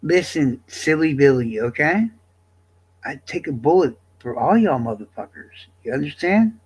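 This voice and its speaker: A man livestreaming, talking to his chat in a casual, profane, defensive rant that swings between loud and quiet. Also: on the high side, animated, a little slow, slightly rough.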